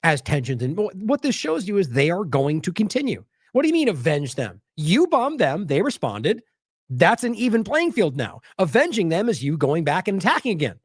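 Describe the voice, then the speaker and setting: Male commentator, fairly high voice with wide swings, sarcastic, dry close mic. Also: moderate pace, husky, no room sound. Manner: animated, sarcastic, mocks quotes in exaggerated voices; talks in bursts with restarts while scrolling sources. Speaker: independent news commentator. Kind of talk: solo news commentary.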